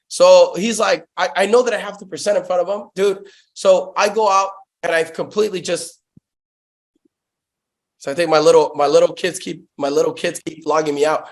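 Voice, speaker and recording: A man telling his story as a guest in a casual interview, excitable and slangy, swearing and saying bro, on a Bluetooth headset call. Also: high voice, fairly quick. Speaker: guest, sales founder.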